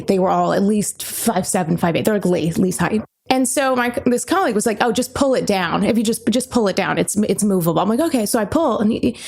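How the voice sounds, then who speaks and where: A woman co-hosting a podcast, telling a travel story in casual chat, lively and acting out the quotes. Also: medium pitch, gravelly. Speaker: podcast co-host.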